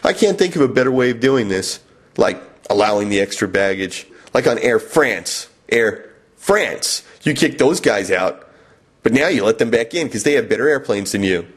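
A man tells a comic first-person story as a podcast host, wry and animated, with sudden jumps up in pitch when he exclaims. His voice sits at a middle pitch for a man. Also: moderate pace, slightly rough.

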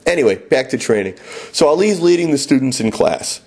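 Husky middle-aged male storyteller, wry and self-mocking. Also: medium pitch, animated, a little fast, darkish tone. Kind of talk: first-person storytelling.

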